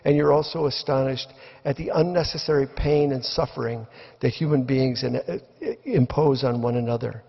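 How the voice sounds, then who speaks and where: In a reverberant lecture hall, captured in a dull lo-fi recording, an older man gives the opening remarks of a debate. His voice is medium in pitch, steady in tone and gravelly with a breathy edge, and he keeps a moderate pace. He speaks reflectively, telling stories and acting out quotes.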